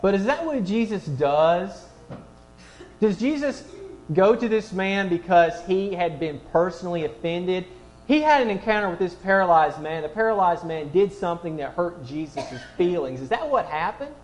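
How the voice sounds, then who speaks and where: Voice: medium pitch, darkish tone, low-quality recording. A preacher delivering a sermon to a room, asking the audience many rhetorical questions.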